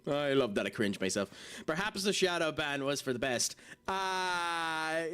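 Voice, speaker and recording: Guy streaming, kinda high voice, bouncy, lots of ums and laughing at himself. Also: bright, forceful tone, smooth. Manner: chatty, laughs at himself, many fillers. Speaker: game streamer. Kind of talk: casual live-stream commentary.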